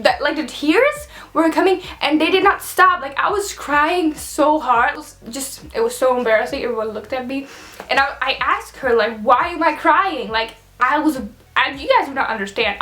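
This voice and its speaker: A woman's voice: sits high, sharp tone. A young woman, a native Dutch speaker, telling a chatty, dramatic storytime vlog with lots of "like" and casual swearing. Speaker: vlogger. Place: bedroom at home.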